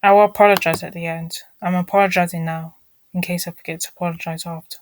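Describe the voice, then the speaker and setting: Low, flat-voiced woman vlogger. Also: quick pace, poor audio. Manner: apologetic, mutters irritated asides under her breath. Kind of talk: casual screen walkthrough.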